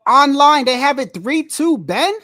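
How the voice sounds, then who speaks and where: Streamer reacting to a boxing match live, high voice, bursts of loud excitement, rambling slangy commentary. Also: unhurried. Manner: excitable, loud outbursts, frequent slang and cursing; rambling restarts and repeated words. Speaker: livestream host. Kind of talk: casual fight watch-along commentary. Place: indoors at home, wind and street heard outside.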